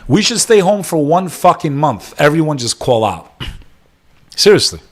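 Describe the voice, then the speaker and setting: A man's voice: a little high, big pitch swings, a little slow. A man, hosting a news reaction podcast, reading headlines aloud and breaking into profane, sarcastic rants.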